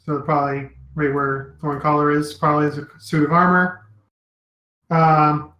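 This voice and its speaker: A man's voice: a little high, normal speed. Game master man in an echoey room. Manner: relaxed, rambling with fillers. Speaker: dungeon master. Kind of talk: narrating a tabletop game.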